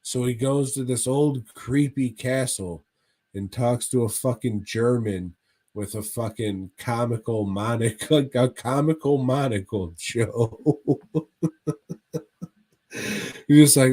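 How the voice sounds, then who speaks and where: Brief: laid-back, slow-speaking male co-host who swears through his plot recaps. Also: mid-range voice, darkish tone. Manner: profane, rambling retelling. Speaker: podcast co-host. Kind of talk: casual movie review chat.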